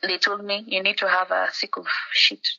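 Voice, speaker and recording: A woman's voice: mid-range voice, flat delivery, normal speed, creaky, pushed and bright. A woman with a Kenyan accent, a podcast guest telling a story in casual chat over a phone call. She acts out the people she quotes and drops Swahili words into her talk. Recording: muffled phone-call audio.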